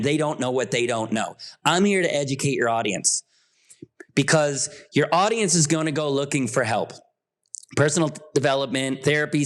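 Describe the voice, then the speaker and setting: A man speaking as a podcast guest, emphatic and insistent, his voice jumping up sharply on key points. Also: fairly high pitch. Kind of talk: passionate interview talk.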